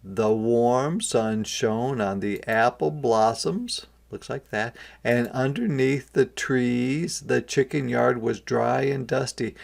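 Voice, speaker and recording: A kindergarten teacher reading a picture book aloud, adding expressive asides and questions for young listeners. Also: mid-range voice, slow, vocal fry, hardly any pauses.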